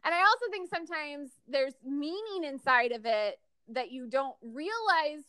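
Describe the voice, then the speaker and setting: A woman co-hosting a casual fan podcast, chatty and animated, with lots of fillers and restarts. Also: high-pitched, a little slow, dry recording, clean studio sound. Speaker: podcast co-host. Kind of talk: casual fan podcast chat about a TV show.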